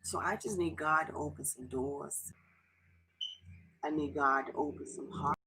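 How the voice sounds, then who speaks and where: A middle-aged woman from Baltimore in an emotional confessional vlog, tearful and halting, sometimes dropping to a near whisper. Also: sits low, steady tone, bright, forceful tone, breathy edge, poor audio. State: tearful, fighting back tears. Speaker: vlogger.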